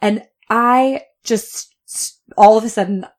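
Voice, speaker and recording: A woman's voice: fairly high pitch, takes it slowly. A woman in her thirties co-hosting a podcast, telling a story with lots of laughter and quoted asides. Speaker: podcast co-host. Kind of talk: casual chat.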